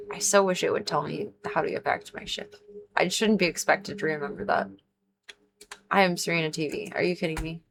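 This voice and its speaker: Deep and gravelly yet fairly bright, this young woman's voice carries over slight background noise as she hosts a relaxed gaming livestream. She rambles chattily, fills gaps with "like", and sounds sleepy, yawning, and congested.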